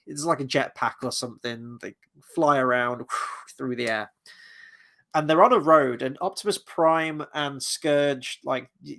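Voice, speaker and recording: A man's voice: a little high, fairly bright tone. A man giving a casual spoken film review, rambling and hesitant, often correcting himself and stopping on fillers.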